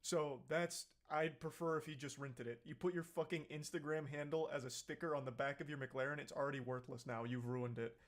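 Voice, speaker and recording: A man's voice: a little high, steady tone, brisk, few pauses. A man giving sarcastic, mocking reaction commentary on a video clip. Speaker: commentary YouTuber.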